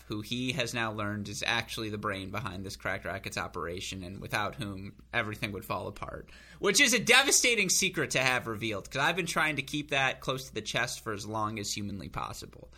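A man co-hosting a podcast, telling rambling self-mocking stories with bursts of high laughter. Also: lively intonation, a little fast, sharp tone. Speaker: podcast co-host. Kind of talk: casual chat.

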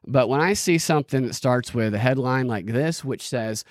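A man's voice: medium pitch, measured pace, no echo, studio quality. Joking man hosting a podcast. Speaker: podcast host. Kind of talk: casual chat.

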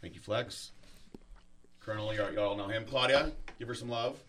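A man hosting a podcast, talking in a candid, halting, openly emotional way and swearing casually. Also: lowish voice, fairly even intonation, fairly bright tone, a little hiss or hum. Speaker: podcast host.

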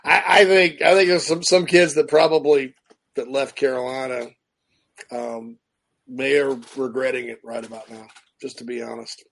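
A man co-hosting a sports show, talking in a relaxed, hesitant way. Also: mid-range voice, moderate pace, gravelly. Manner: hesitant, relaxed, repeats himself. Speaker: sports talk show co-host. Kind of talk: casual sports chat.

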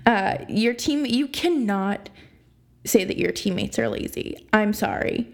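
A woman's voice: medium pitch, a little slow, vocal fry. Exasperated young woman podcast host. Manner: exasperated, animated, laughs between points. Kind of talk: opinionated sports podcast rant.

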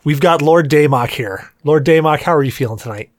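A man's voice: on the high side, brisk, no echo, studio quality. A man hosting a podcast, teasing his guests in crude joking banter. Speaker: podcast host.

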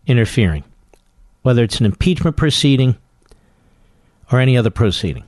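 A man hosting a talk radio show, delivering an emphatic, combative monologue and slowing down to hammer his points home. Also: medium pitch, sing-song, a little mellow, no room sound, studio quality.

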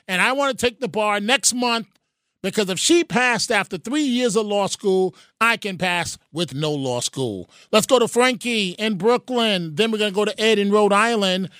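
High-voiced joking radio host man. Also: animated, measured pace, a bit bright, dry recording, clean studio sound. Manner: joking, emphatic. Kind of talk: call-in talk radio. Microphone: studio microphone.

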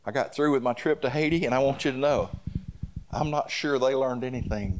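A man's voice: medium pitch, fairly quick. A male pastor preaching a sermon, building to repeated declarations and telling stories with quoted dialogue.

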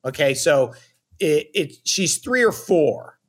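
A man co-hosting a sports talk show, speaking in a hesitant, halting way with many fillers. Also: on the high side, very animated, breathy edge. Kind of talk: sports radio banter.

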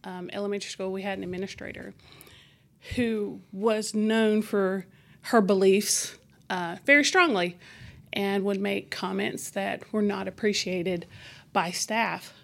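A woman teacher as an interview guest, telling stories in a lively conversational way and acting out the exchanges she describes. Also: medium pitch, a little slow, creaky. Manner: animated, acts out quoted exchanges. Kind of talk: conversational storytelling.

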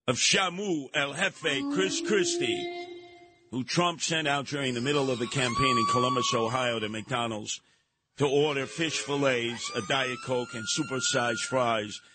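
A man hosting a talk radio show, delivering a brash, mocking monologue with frequent shouting and a New York accent. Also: mid-range voice, wildly swooping pitch, measured pace, background noise.

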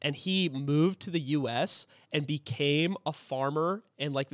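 A man's voice: fairly high pitch, measured pace, dry recording, studio quality. A man guest on a casual podcast, telling stories in an easygoing way.

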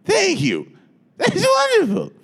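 A man putting on the voice of an effusive older woman star selling wares on shopping TV, drawn-out and breathy. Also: very high-pitched, wildly swooping pitch, voice pushed up, heavily acted. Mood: gushing.

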